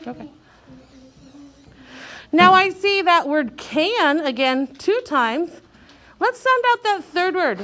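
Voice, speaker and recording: A woman teacher leading a young child through a reading lesson, slow and clear, sounding out letters and encouraging. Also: very high voice, lively intonation, pushed and bright.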